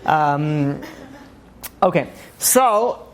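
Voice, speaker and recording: Fast-talking rabbi, joking and animated. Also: male voice, a little high, a little hiss or hum. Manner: fast-talking, animated, heavy on "you know". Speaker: rabbi teaching a Torah class. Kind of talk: casual joking lecture to a live class. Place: classroom with a live audience.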